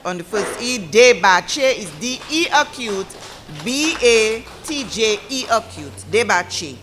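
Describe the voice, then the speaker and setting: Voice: mid-range voice, animated, takes it slowly, noisy background. A spelling bee pronouncer who speaks formally and corrects contestants letter by letter. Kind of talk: slow, deliberate word pronouncing and spelling.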